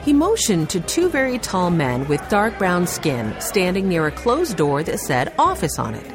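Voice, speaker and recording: A woman reading a children's mystery aloud as an audiobook narrator, in a calm, even storytelling manner. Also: on the low side, moderate pace. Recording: background music under narration.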